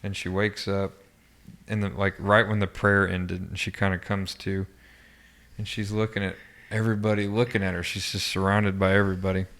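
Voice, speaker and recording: Man, deep-ish, flat delivery, subdued interview storytelling. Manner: halting, with frequent restarts and fillers. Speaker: podcast guest. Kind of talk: personal recollection in an interview.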